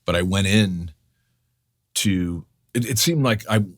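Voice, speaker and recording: Deep-voiced man telling stories, profane and animated. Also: takes it slowly. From New York. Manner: animated, profane, restarts a lot, acts out quotes. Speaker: guest actor. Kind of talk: storytelling in a casual interview.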